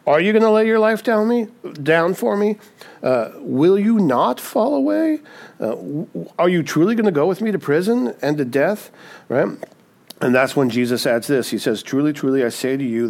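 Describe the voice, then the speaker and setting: A pastor with a slightly high, darkish voice preaches a sermon, often asking "right?" and acting out the voices of the people he quotes.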